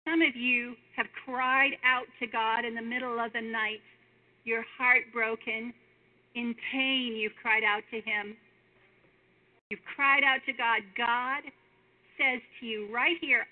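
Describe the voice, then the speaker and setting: A woman's voice: fairly high pitch, steady tone, slow pace. A woman giving a devotional sermon, earnest and emphatic, speaking straight to the listener with questions. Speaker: preacher. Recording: tinny phone-like sound.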